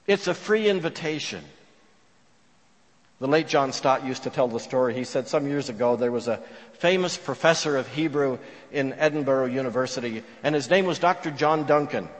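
Male preacher, earnest storyteller, a bit high-pitched, big reverberant hall. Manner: earnest storytelling, drops to a hush for quoted prayers. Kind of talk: sermon. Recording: long reverb of a large hall.

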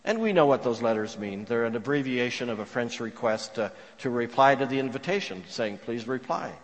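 A man preaching a sermon, telling stories earnestly and dropping to a hush for quoted prayers. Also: medium pitch, animated, a little fast. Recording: long reverb of a large hall.

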